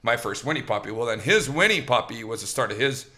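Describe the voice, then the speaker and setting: Bright-voiced man telling rambling stories. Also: medium pitch, fast. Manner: rambling, animated storytelling with restarts and acted quotes. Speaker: host. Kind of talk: casual storytelling on a podcast.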